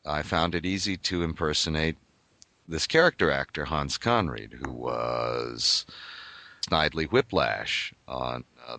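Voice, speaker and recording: A man's voice: sits low, bright, forceful tone, no echo. An older man, a voice actor, talking thoughtfully and explaining his craft in an interview. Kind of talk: reflective interview talk.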